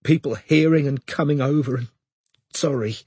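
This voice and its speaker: A man's voice: medium pitch, normal speed, slightly rough, no room sound, voice pushed up, natural voice. A man voicing a grieving middle-aged woman who is tearful and gasping, in an audiobook reading.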